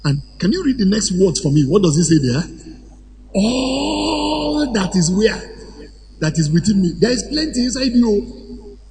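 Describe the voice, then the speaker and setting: A man preaching a sermon to a congregation, animated and at times shouting or chanting phrases. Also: high voice, brisk. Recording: hall reverb with faint ambience.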